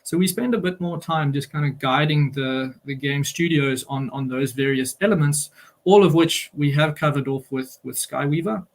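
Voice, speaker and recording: A man speaking as a panelist in an online discussion, explaining things in a steady way. His voice sits a little high for a man. He often pauses on "um" as he talks. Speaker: company representative, panelist.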